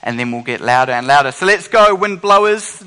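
High, bright-voiced man leading kids. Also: expressive, clean tone, low-quality recording. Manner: playful, encouraging, quick with praise. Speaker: children's church leader. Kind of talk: lively kids' talk with audience games.

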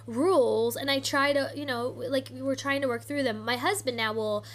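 A woman's voice: high-pitched, steady tone, fairly quick, fairly bright tone. A woman in casual chat, a podcast host, speaking in a reflective, hesitant way.

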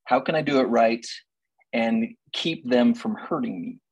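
A man giving a faith-based relationship talk with a slightly husky voice, dry and close to the mic. He presses his points with rhetorical questions and says key lines more than once. His delivery is emphatic. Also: medium pitch, measured pace, dry recording, poor audio. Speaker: relationship counselor.

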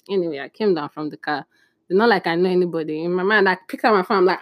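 A woman's voice: fairly low pitch, quick pace, no echo, studio quality. A young woman from Nigeria, a podcast host, telling a story casually and acting out the voices of the people in it. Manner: animated, acts out quoted voices.

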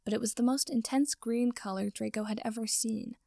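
A woman reading fan fiction aloud in steady, even narration. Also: a little high, fairly quick, creaky, no room sound, clean studio sound. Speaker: reader.

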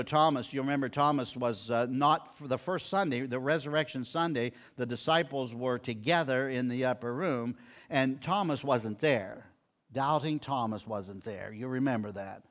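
An older man preaching a sermon, telling scripture stories and acting out the quoted lines. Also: mid-range voice. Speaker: pastor.

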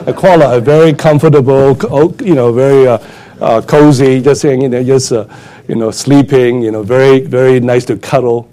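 A man preaches a sermon in a mellow voice with fairly even intonation and a moderate pace, a faint crowd audible behind him. He starts with conversational asides full of fillers and restarts, then builds to urgent, impassioned exhortation that rises high in pitch.

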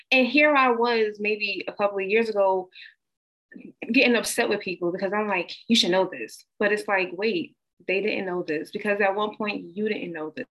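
A woman's voice: on the low side, a bit bright, low-quality recording. A woman in a group discussion, speaking conversationally in a teaching tone. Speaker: discussion participant.

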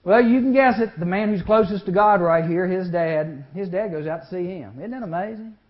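Delivering a sermon to young people, this man sits high in pitch and moves briskly, animated and folksy as he fires questions at the audience and acts out the story's characters. It's captured on a muffled lo-fi recording.

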